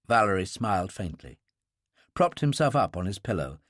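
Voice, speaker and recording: A man giving scripted audiobook narration in a calm, understated manner. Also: low voice, normal speed, no room sound, studio quality.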